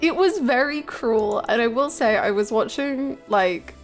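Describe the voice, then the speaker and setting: Woman, high voice, giggly, chaotic, casual stream chat, faint background music. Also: a little slow. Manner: giggly, chaotic, playful, greets chat by name.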